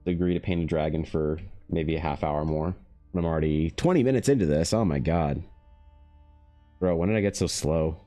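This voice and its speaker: A man streaming while he paints, chatting casually in a rambling, profane way, his pitch leaping up now and then. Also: normal speed, warm tone, faint music behind. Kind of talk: casual livestream chat.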